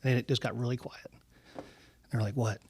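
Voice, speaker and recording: A man from Kentucky, a company executive, telling relaxed anecdotes in a podcast interview, with lots of "you know". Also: mid-range voice, a little fast, slightly rough, no room sound. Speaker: racetrack company executive, guest. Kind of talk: casual storytelling in a podcast interview.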